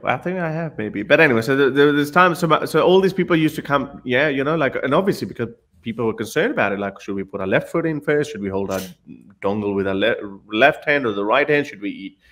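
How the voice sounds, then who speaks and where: Man, mid-range voice, amused, halting storyteller, casual chat. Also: mid-range voice, lively intonation, a bit bright. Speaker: guest co-host.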